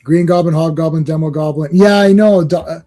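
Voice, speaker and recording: A middle-aged Canadian man hosts a live stream in a slightly high, mellow voice, talking fairly quickly. He chats casually and rambles, interrupting himself, restarting often, and chuckling along the way.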